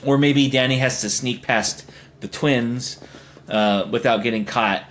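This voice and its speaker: This young male podcast co-host talks a little slowly in a mid-range, slightly bright voice, over faint hiss or hum. His casual chat wanders through jokey ideas, and he puts on silly voices along the way.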